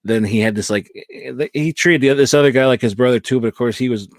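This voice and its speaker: A man's voice: medium pitch, fast, dry recording, clean studio sound. A man hosting a casual chat about a film, recapping scenes in a rambling way full of fillers. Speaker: podcast host.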